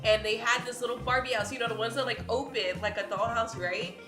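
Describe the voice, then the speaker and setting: A woman's voice: on the high side, fairly even intonation, brisk. A woman streamer with a stuffy nose, chatting casually and swearing often. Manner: chatty, swears a lot, says "dude" often. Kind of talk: casual chat. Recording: echoey room with music playing.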